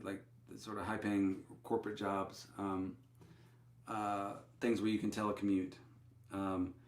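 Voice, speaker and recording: A man's voice: fairly low pitch, echoey room. A man with a Texan accent, a musician hosting his own livestream, talking loosely with many fillers and restarts. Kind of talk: casual livestream chat.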